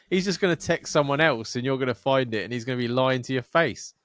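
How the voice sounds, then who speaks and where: A man's voice: mid-range voice, quick pace, hardly any pauses, a bit bright, smooth, no echo, studio quality. A man co-hosting a podcast in casual chat, laughing often, swearing and giving blunt advice. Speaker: podcast co-host.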